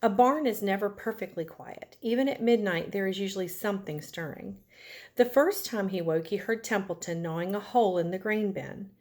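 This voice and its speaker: A woman teacher reading a chapter book aloud to her class, gently stopping to ask the children questions. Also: mid-range voice, normal speed.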